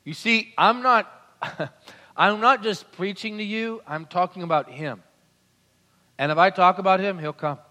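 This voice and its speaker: A man preaching a sermon, swinging between loud declarations and soft, intimate murmuring. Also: on the high side. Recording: hall reverb.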